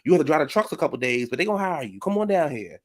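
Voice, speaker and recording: A man voicing a brash woman friend who pushes her buddy to come get a job, talking fast and pushy. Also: a little high, big pitch swings. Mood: urging.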